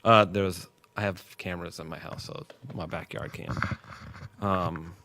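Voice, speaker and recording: A man's voice: low-pitched, fairly even intonation, measured pace, pushed and bright. A man rambling casually as host of a test livestream at work, joking and losing his train of thought. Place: workplace.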